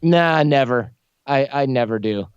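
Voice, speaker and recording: A man's voice: mid-range voice, measured pace, clean tone, no room sound. A man guesting on a podcast, talking casually in a blunt, joking way. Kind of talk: casual interview chat. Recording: dry, slightly dull lo-fi audio.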